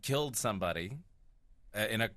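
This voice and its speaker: A man's voice: fairly low pitch, animated, brisk, a bit bright, no echo. A man co-hosting a podcast, steering the casual chat with teasing questions. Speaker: podcast co-host.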